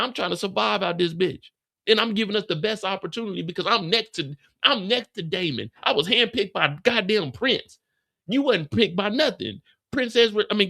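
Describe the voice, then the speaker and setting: A man's voice: high-pitched, vocal fry, bright, forceful tone. A man hosting a live show recap, delivering a profane, heated comedic rant as if he were a character from the series.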